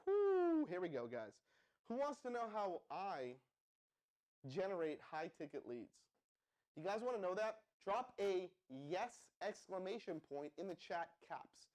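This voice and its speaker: Casting note: young male live-stream host, energetic hype pitch, slightly higher voice, keeps firing questions at the chat. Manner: pumped-up, addresses viewers as guys, asks the chat to respond. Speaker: livestream host.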